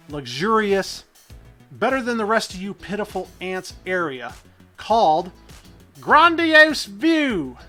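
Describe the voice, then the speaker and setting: A man's voice: very high-pitched, pushed and bright, voice pushed up, full character voice. A man putting on an impression of a pompous, British-sounding luxury-lifestyle TV announcer, stretching out the grand words. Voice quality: grand, drawn-out showman delivery.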